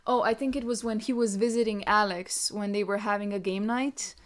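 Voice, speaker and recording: A woman's voice: medium pitch, fairly even intonation, fairly quick. A woman hosting a book podcast, chatting emotionally and gushing about a novel. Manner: gushing and emotional, reading quotes aloud. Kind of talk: casual book review chat.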